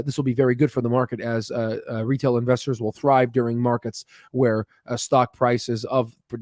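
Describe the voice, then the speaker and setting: Brief: man, mid-pitch, dry close sound, rapid chart-walkthrough teacher, lots of "uh"s. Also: darkish tone, no room sound. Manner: many fillers and restarts, talks fast on purpose. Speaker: stock market educator. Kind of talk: chart walkthrough, casual explainer.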